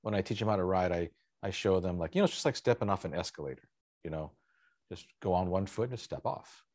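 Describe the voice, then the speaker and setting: A podcast host with a lowish voice chats in an easygoing, reminiscing manner. His sentences often trail off softly. The sound is dry and close, with no room echo. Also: expressive, fast. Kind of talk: casual conversation.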